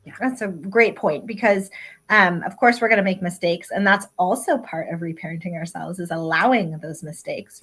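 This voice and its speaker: A middle-aged woman talking casually on a panel, thoughtful and hedging, with lots of ums and asides. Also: lowish voice. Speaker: re-parenting panelist.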